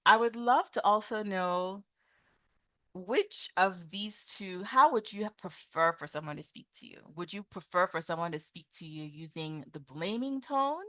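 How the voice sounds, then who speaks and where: A woman's voice: lowish voice, sharp tone, dry recording, studio quality. A woman hosting a live talk on communication, teaching in a casual way, improvising examples aloud and repeating her questions. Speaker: host and communication coach.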